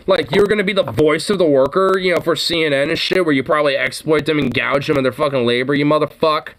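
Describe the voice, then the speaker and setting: A man's voice: a little high, quick pace, hardly any pauses, a bit bright. Profane ranting male commentator. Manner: ranting, sarcastic, heavy swearing; mocking sing-song interjections. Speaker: commentator reacting to a clip.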